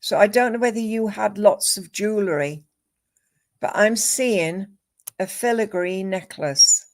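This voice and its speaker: Woman medium, unhurried delivery, mid-range voice, names and images offered one by one. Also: medium pitch. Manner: slow, measured, listing names and images one by one. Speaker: psychic medium. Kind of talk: live psychic reading.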